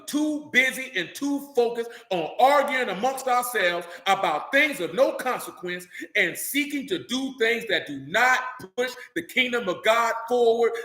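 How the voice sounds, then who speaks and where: A man with a high, bright, forceful voice delivers a fiery street-style sermon, coarse and blunt. He repeats lines to drive each point home. The sound carries a roomy echo. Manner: preachy, blunt and profane, repeating lines for emphasis. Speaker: street preacher.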